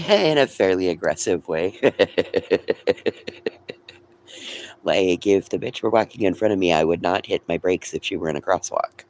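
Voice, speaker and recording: A man's voice: sits low, animated, unhurried, long pauses, a little mellow. A man hosting a casual livestream, chatting with viewers in a rambling, chatty way and swearing freely. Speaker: livestream host.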